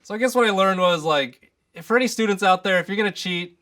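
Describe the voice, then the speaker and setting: Animated, profane young male storyteller. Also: high voice, quick pace, noisy background. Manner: animated, profane, acts out both sides of conversations. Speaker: comedian telling a story. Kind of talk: storytelling comedy.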